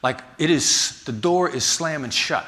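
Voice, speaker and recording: A man who teaches negotiation gives a storytelling talk, acting out the people in his anecdotes with lively voices. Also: fairly high pitch, measured pace, a little hiss or hum. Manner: animated, acts out the people in his stories. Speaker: negotiation instructor and former FBI agent giving a talk.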